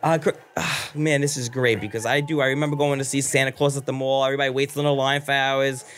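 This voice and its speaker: A man hosting a casual podcast, reacting excitedly to a video with lots of swearing and laughter. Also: medium pitch, fast talker. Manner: excitable, profane, laughing often. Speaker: podcast host.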